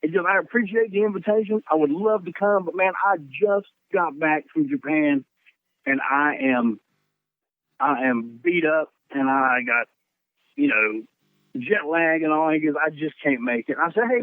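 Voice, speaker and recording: A man with a Southern US accent, a podcast guest, telling animated, profane stories and laughing as he goes. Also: a little high, moderate pace, no echo. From North Carolina. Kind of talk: casual storytelling. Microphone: phone. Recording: tinny phone line, dry.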